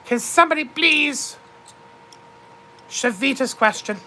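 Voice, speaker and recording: Heavily acted, this woman's tipsy duchess persona addresses her comedic livestream chat with "darling" at every turn, speaking slowly and grandly in a fake British accent. Her high, sparkling voice sounds bright and forceful over a faint hiss or hum.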